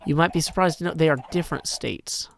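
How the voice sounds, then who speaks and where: A man's voice: fairly high pitch, gravelly, slight background noise. A man from Tennessee with a Southern twang, greeting viewers on a livestream in a playful tone and sliding into sing-song rhymes. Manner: slow, playful, drifts into sing-song rhyming verse. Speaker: livestreaming gamer. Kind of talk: casual livestream chat.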